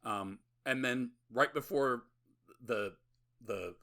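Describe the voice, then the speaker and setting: A man's voice: mid-range voice, slow pace, creaky, a bit bright. A man co-hosting a podcast, recapping a horror movie in casual, rambling, profane chat and laughing often. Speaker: podcast co-host.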